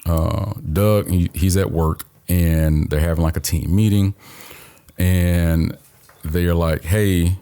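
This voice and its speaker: A man's voice: low-pitched, steady tone, takes it slowly, creaky, warm tone. A man co-hosting a podcast in casual conversation, speaking earnestly and openly about his feelings. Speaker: podcast co-host.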